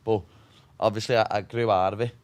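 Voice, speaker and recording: A man's voice: on the low side, steady tone, a little fast. A man in his twenties from Liverpool with a Scouse accent, telling stories in a casual interview, swearing freely and saying "lad" constantly. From Liverpool, England. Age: 20s. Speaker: guest, fighter.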